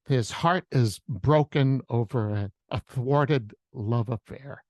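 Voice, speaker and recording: A man's voice: medium pitch, slow, a little mellow, no room sound. A man who is a worship leader, sharing a reflective devotional message with storytelling on a video call.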